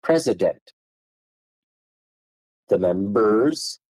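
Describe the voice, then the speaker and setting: A man's voice: fairly low pitch, animated, extremely slow, darkish tone, dry recording, poor audio. A man explaining law as a podcast guest, reading passages aloud and hammering key words with strong emphasis.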